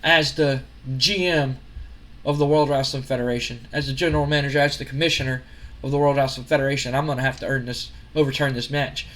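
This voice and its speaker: A man's voice: medium pitch, steady tone, fast, a bit bright, close to an everyday voice. A man voicing a worried adult son and company executive who pleads hesitantly.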